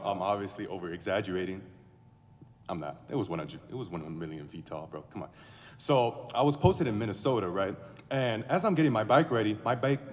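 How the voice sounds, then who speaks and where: A teenage boy improvising a comic monologue on a school stage, slangy and self-mocking, exaggerating wildly. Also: medium pitch. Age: teens. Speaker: drama contestant. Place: school auditorium. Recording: long hall reverb.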